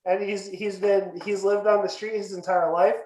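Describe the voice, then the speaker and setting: A man's voice: high voice, level tone, normal speed, echoey room, noisy background. A man describing his tabletop game character in casual chat, hesitant with many fillers. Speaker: player.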